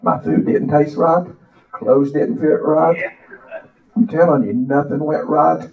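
A man's voice: a little high, gravelly. Older man, fervent preaching, echoey church, distant dull sound. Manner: impassioned preaching, drawn-out phrases, folksy storytelling. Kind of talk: sermon with recited poem and testimony.

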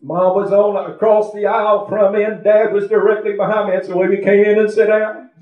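A man's voice: sits high, little pitch movement, brisk, echoey room, distant mic, phone-quality sound. An older man, preaching an emotional testimony, fervent, at times tearful and laughing. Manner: fervent, sobbing and laughing through words.

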